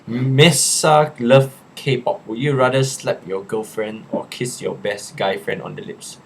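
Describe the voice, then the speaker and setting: A young Singaporean man in a casual live chat, reading viewers' questions aloud and answering them in a relaxed, chatty way. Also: mid-range voice, measured pace, breathy edge.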